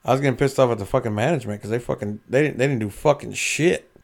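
A man's voice: medium pitch, fast talker, creaky. A man telling rambling, profanity-filled stories as a podcast co-host in casual chat.

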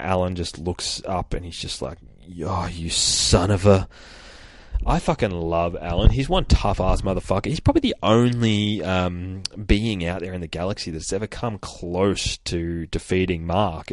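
Deep-voiced Australian man swearing through a comic. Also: dry recording. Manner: rambling, profane, laughs often. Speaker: comic book reader. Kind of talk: casual comic recap with swearing.

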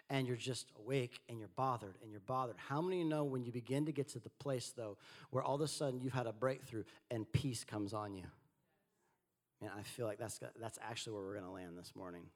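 A man preaching a sermon, swinging between quiet asides and animated, rising delivery. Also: a little fast. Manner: animated preaching, rising and falling in pitch and volume. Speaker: pastor.

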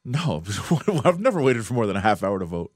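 A male sports reporter talking fast in loose, rambling banter. He laughs often and restarts his sentences mid-thought. The sound is dry and close to the mic. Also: mid-range voice, sing-song, no echo. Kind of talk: casual sports talk banter.

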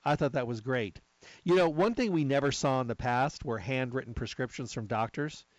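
A middle-aged man talking casually about supplements, chatty and animated as he spins his stories. His voice sits at an ordinary pitch, and the recording is dry and close with no room around it. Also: moderate pace, no echo, rough recording. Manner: chatty storyteller, lively asides. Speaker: health supplement talk host. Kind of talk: casual monologue.

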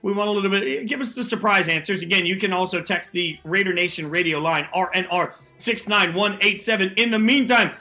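Upbeat sports radio guy, high bright voice, talks fast and animated. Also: faint music behind. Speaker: radio host.

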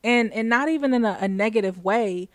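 A woman's voice: on the high side, a little fast, no room sound. Woman cohost chatting casual, keeps restarting her sentences, dry close sound. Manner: reflective, frequent self-restarts, laughs often. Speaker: podcast co-host. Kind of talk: casual chat.

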